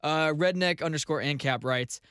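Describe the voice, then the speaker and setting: A young man co-hosting a comedy podcast, talking in a fast, rambling, self-deprecating way. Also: on the high side, fairly bright tone, smooth, no room sound, studio quality. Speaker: podcast co-host. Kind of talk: casual comedic podcast banter.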